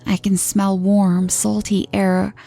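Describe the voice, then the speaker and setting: A woman narrating a scripted horror story in first person in a steady, earnest storytelling manner. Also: mid-range voice, takes it slowly, gravelly, soft background music.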